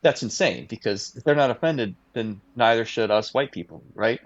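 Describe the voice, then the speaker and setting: A man's voice: medium pitch, normal speed, no room sound. A man co-hosting a podcast, rambling through an anecdote with lots of fillers in a mid-range voice. The audio is dull and lo-fi, and dry. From United States. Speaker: podcast co-host. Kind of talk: casual podcast storytelling.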